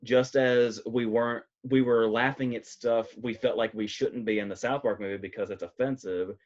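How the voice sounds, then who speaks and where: A man co-hosting a podcast in casual chat, laughing often and talking in an animated, rambling way. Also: medium pitch, moderate pace, dull audio. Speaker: podcast co-host. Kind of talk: casual chat about films.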